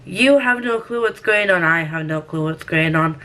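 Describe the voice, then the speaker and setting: A woman's voice: lowish voice, moderate pace, fairly bright tone. A woman talking casually to camera at home about a book she is reading, rambling and self-deprecating with lots of fillers. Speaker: book vlogger.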